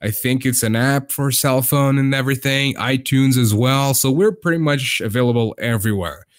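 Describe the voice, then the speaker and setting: A man's voice: mid-range voice, moderate pace. Young man, podcast host, casual chat, rambling, hesitant, lots of fillers.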